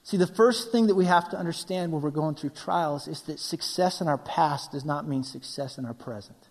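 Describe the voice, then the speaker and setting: A middle-aged man preaching a sermon, acting out quoted voices and swinging between loud, urgent passages and hushed near-whispers. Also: a little high, moderate pace. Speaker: pastor. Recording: long reverb of a large hall.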